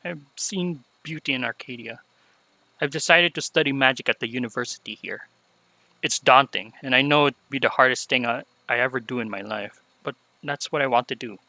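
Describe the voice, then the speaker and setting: A man reading aloud the lines of a remorseful young female unicorn showmare from a game, in a soft, subdued voice. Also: medium pitch, a little fast, no room sound, poor audio.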